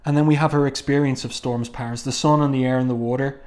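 A man's voice: medium pitch, fairly even intonation, fast talker, darkish tone. A man casually reviewing a comic book and reading panels aloud, musing with frequent ums and restarts.

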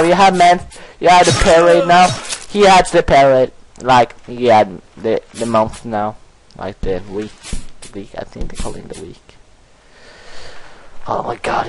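A man giving let's-play commentary, excitable and playful, bursting into shouts and giggles in broken English. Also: a little high, noisy background. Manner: broken, ungrammatical English phrasing. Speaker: gaming commentator.

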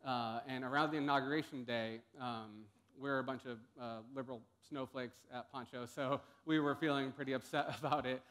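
A young man speaks from a conference stage in a relaxed, halting way. He fills his pauses with ums and uhs and restarts his sentences as he goes. His voice sits at an ordinary middle pitch. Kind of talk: conference talk.

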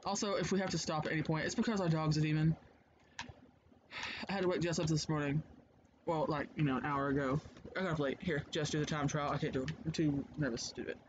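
A man's voice: fairly high pitch, fairly even intonation, fast talker. A man hosting a let's play from home, chatting loosely and swearing freely as he comments on the game. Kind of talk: casual gameplay commentary. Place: home, indoors. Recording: dull lo-fi mic with clear noise.

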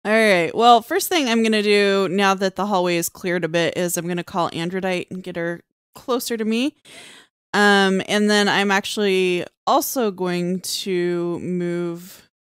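A woman playing a tabletop game, announcing her moves in a deliberate, hesitant way. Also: mid-range voice, smooth, dry recording, studio quality. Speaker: player.

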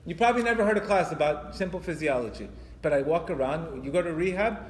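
A man giving a spiritual lecture to an audience. He talks in an animated way, stumbles through restarts and acts out quoted voices. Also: fairly high pitch, fast talker. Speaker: religious teacher. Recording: echoey hall with long reverb.

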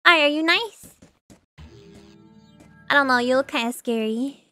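A woman's voice: high-pitched, unhurried, bright, forceful tone. A young woman streaming a video game, chatting casually and giggling as she reacts to what happens on screen. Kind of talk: casual gameplay commentary. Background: game music.

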